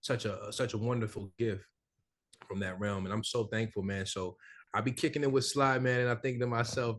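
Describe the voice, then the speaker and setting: A young man from the American South, an actor chatting casually in an interview, animated and full of repeated fillers. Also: mid-range voice, normal speed. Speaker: actor guest.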